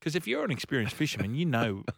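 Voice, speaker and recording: A man's voice: mid-range voice, huge pitch swings, fast talker, creaky, a bit bright, no room sound. A man with an Australian accent co-hosting a comedic radio show, spinning jokey stories with laughter. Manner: laughing, storytelling, slips into silly voices. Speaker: radio co-host.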